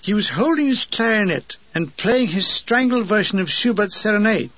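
A man narrating his war memoir with dry, deadpan comic asides. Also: high voice, normal speed, dry recording. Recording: dull lo-fi dry recording.

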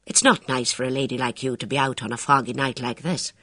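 A man's voice: medium pitch, little pitch movement, fast talker, bright, forceful tone, no echo, clean studio sound. A reader voicing a chatty, persuasive Irish hotel doorman in an audiobook, with an Irish accent. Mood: coaxing. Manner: coaxing, folksy.

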